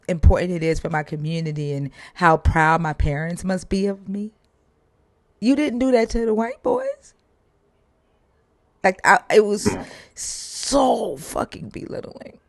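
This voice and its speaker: A woman hosting a livestream, chatting casually and telling stories in an animated way, swearing freely. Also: deep voice, no echo. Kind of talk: casual chat.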